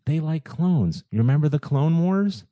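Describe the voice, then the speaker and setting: A man co-hosting a casual podcast, talking through film plots in an animated, rambling way, full of restarts and rhetorical questions. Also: a little high, moderate pace, no echo. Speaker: podcast co-host.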